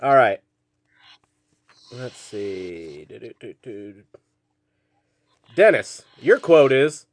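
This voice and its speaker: A man's voice: medium pitch, big pitch swings, drawn-out words, long pauses. A man hosting a comedy game segment on a podcast, playful and jokey, laughing often. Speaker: game show host.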